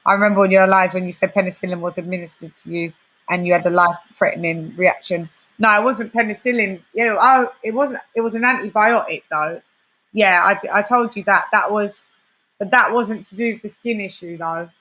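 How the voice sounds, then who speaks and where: Bright-voiced woman chatting casually. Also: mid-range voice, fairly quick, rough recording. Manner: chatty, laughs often, reads out viewer comments. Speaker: co-host. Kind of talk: casual chat on a live stream.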